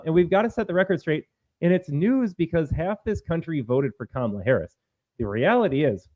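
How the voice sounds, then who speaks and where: A man's voice: a little high, no room sound, narrow, tinny audio. A man hosting a live-streamed political commentary show, talking combatively and reading out viewer comments. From Minnesota.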